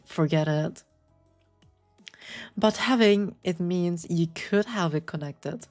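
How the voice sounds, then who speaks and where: A woman's voice: on the low side, a little mellow, faint music behind. A woman with a slight German accent, streaming casually and chatting with viewers in a playful, rambling way. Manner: playful, rambling, answers chat with quick squeals and laughs. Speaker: VTuber streamer. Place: home apartment.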